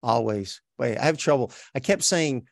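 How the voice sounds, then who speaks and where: A man's voice: medium pitch, expressive, moderate pace, gravelly, no room sound, clean studio sound. A man with an Australian accent, talking as an interview guest in a chatty, self-reflective way, often restarting his sentences. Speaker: guest, actor. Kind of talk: podcast interview.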